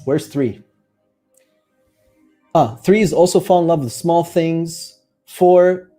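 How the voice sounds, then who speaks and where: Speaking slowly with frequent pauses, a man with a fairly high, dark-toned voice addresses the camera as a life coach, faint music in the background. His monologue is casual and earnest, full of fillers as he thinks aloud and talks frankly about his emotions.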